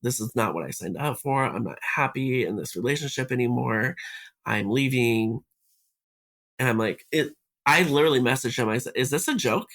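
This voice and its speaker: A man's voice: mid-range voice, expressive, moderate pace, fairly bright tone. A man, a podcast guest, recounting what happened to him and acting out the conversations he had along the way. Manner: retells events by acting out quoted dialogue. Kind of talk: recounting a personal story in conversation.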